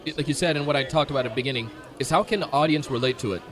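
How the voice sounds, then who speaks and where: A man speaking as a guest in casual conversation, quick and loose with fillers. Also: medium pitch, fairly bright tone, a faint crowd.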